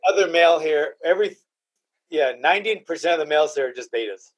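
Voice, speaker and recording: A podcast host in casual chat, emotional and profane, often repeating himself. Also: male voice, on the high side, lively intonation, quick pace.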